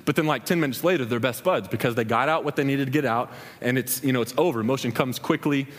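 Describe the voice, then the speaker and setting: A man's voice: medium pitch, quick pace. A young man preaching a sermon in a large hall, acting out scenes as he tells stories. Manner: animated storytelling, acts out scenes with hand gestures. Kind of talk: sermon with acted-out examples. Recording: long hall reverb.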